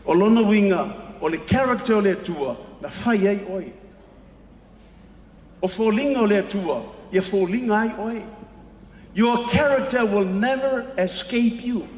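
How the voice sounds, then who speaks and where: A man with a Samoan accent preaching a sermon, switching between Samoan and English and stressing each phrase slowly. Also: high voice, lively intonation. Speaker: pastor. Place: large church hall. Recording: echoey hall with long reverb.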